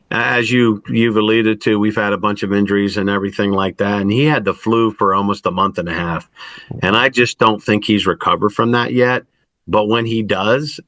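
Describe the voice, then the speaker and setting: A middle-aged man coaching college basketball, answering interview questions in a halting way, full of restarts and "I mean". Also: on the low side, bright, forceful tone, dry recording. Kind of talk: post-game style interview answers.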